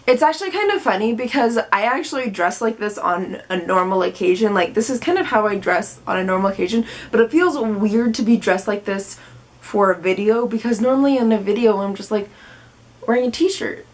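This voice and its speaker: A woman's voice: medium pitch, fairly quick. A young woman in her twenties, chatting to the camera about books in a bubbly, playful way and slipping into silly voices. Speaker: book vlogger. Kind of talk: casual chat to camera.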